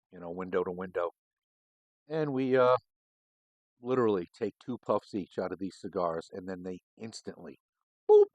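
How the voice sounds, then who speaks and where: A man's voice: low-pitched, no echo, rough recording. A middle-aged man, a former homicide detective hosting a cigar show, telling a story in a casual, rambling and profane way.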